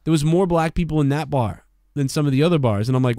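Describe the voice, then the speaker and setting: A man spins a rambling, swear-laden story, animated and loose. The sound is dry and close, with no room around him. He talks like a podcast co-host among friends. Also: on the high side, fast talker, clear, resonant tone, dry recording. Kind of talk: casual storytelling.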